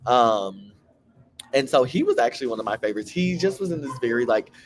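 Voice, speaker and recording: A man's voice: mid-range voice, sing-song, brisk, soft background music. A man with a Southern US country twang hosting a casual, gossipy chat full of sassy asides. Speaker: host.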